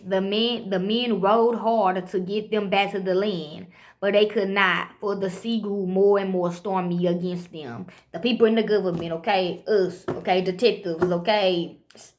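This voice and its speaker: Lady preaching from her bible, reads slow then rants fast, lots of "okay?", mid pitch. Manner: reads slowly, then rambles fast with frequent "okay?" and swearing. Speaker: amateur preacher. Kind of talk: reading scripture with loose commentary.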